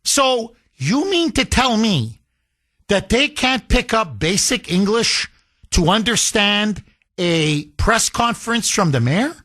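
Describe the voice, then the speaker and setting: A man with a slight accent hosts a talk radio show, firing off combative, incredulous rhetorical questions. His voice sits high and swoops a lot as he argues. The tone is bright and forceful. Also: sing-song, takes it slowly. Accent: slight foreign accent. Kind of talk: opinionated talk radio monologue.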